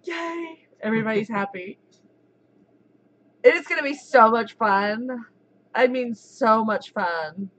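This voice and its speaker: A woman in her thirties hosting a casual live chat, giddy, giggly and excitable. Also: fairly high pitch, a little slow, pauses often, dull audio. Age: 30s. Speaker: livestream host.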